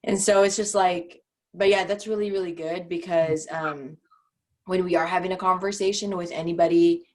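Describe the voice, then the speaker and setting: A woman's voice: fairly low pitch, fairly even intonation, normal speed, darkish tone. A young woman, a guest on a casual podcast, talking thoughtfully and often giggling while acting out example phrasings.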